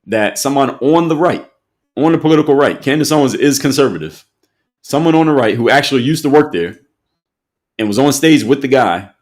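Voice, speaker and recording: A man hosting an opinion commentary show, speaking emphatically and repeating his points for effect. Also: medium pitch.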